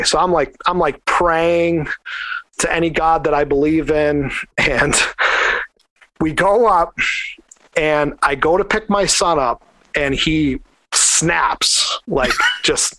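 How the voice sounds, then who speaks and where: A middle-aged man telling a casual anecdote, rambling and animated with many fillers. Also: a little high, takes it slowly, no room sound. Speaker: storyteller.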